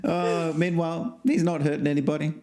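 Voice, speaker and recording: A man's voice: fairly high pitch, flat delivery, brisk, darkish tone. A man co-hosting a podcast in casual chat, rambling through stories with frequent laughs. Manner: rambling storyteller, laughs often, uses fillers. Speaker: podcast co-host.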